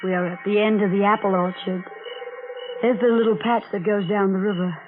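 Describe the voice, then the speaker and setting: A woman's voice: mid-range voice, steady tone, brisk, narrow, tinny audio, over music, natural voice. A woman playing a jealous, murderous young woman. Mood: menacing. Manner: cold and menacing, then pleading. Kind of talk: 1940s radio drama acting. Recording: scratchy 1940s radio broadcast.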